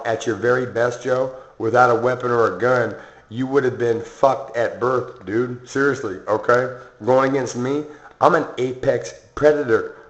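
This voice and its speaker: Angry man vlogging a boastful, rambling threat rant, muffled lo-fi sound in an echoey room. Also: medium pitch. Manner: boastful, confrontational, full of ums and okays.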